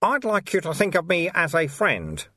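A man voicing a calm, dryly amused and friendly older man in an audiobook. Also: fairly high pitch, moderate pace, slightly rough, no room sound, clean studio sound, voice pushed up, exaggerated voice. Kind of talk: audiobook character voice.

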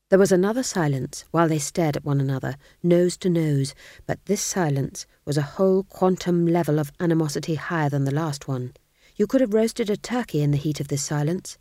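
A woman reading a comic fantasy novel aloud as audiobook narrator, wry and measured, close to the mic. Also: low-pitched, mellow, dry recording.

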